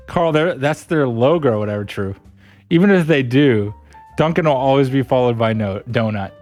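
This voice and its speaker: A man's voice: mid-range voice, unhurried, pauses often, faint music behind. Giggly streamer man chatting with viewers. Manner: giggly, laughs a lot, animated. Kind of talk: casual chat reading viewer messages.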